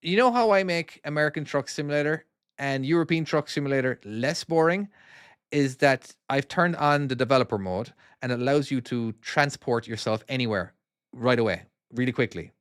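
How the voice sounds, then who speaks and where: The speaker, a former truck driver from Ireland with a Cork accent, rambles through casual live-stream commentary on a trucking game, reading chat, restarting his sentences and tossing in "all right?" He has a medium-pitched, expressive voice at a moderate pace, clear and resonant, in clean studio sound without echo.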